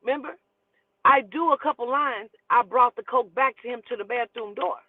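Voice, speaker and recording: A storyteller host in her forties bluntly retells her own story at a normal speed, in a fairly high voice full of swearing and emphasis. It's casual storytelling, and the recording sounds thin and phone-like, completely dry with no room echo.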